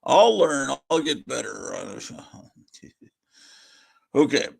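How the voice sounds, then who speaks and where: Gravelly, slow-talking man host. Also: medium pitch, very animated. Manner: rambling, self-deprecating, swears under his breath. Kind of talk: casual livestream comic-book reading.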